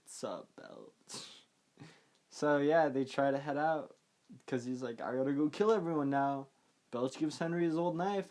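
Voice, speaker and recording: A man's voice: medium pitch, darkish tone. A young man casually recapping a film, rambling and offhand, often trailing off with "like" and "I don't know.". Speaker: podcast host recapping a film.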